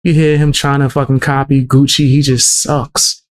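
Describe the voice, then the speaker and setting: A man's voice: mid-range voice, level tone, normal speed. A man reacting to music clips on a stream, blunt and mocking, swearing often. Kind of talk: casual reaction stream commentary.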